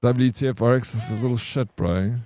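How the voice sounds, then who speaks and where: A man's voice: medium pitch, brisk, dark tone, no echo. A man casually telling a story to his stream chat, swearing and calling people bro. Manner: laid-back, swears, says "bro".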